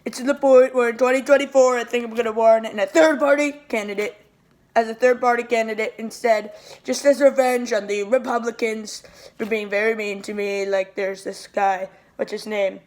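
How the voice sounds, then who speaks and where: A woman's voice: fairly high pitch, fairly even intonation, normal speed, darkish tone, lightly acted. A woman playing a petty, self-pitying male president who rambles and repeats nicknames in a comic impression. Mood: boastful. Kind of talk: comedic impression monologue.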